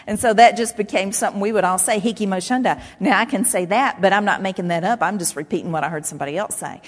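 A woman pastor preaching a sermon in a conversational, animated way. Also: medium pitch, fast talker. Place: church sanctuary. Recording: long hall reverb.

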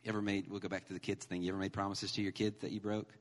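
A man in his thirties preaching a sermon as pastor, animated and emphatic, mixing humor with scripture. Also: sits low, racing. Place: church sanctuary. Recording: long hall reverb.

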